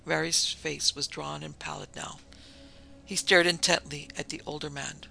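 Gravelly male storyteller, bright and grave. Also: a little high, little pitch movement, normal speed, slight background noise, rough recording. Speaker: narrator. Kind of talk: scripted story narration.

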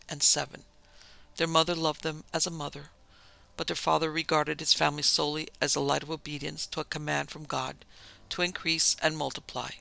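Brief: man reading a Victorian memoir tale, measured, raspy-gravelly, slightly high. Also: sharp tone. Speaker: narrator and producer. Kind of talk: storybook narration of a memoir tale.

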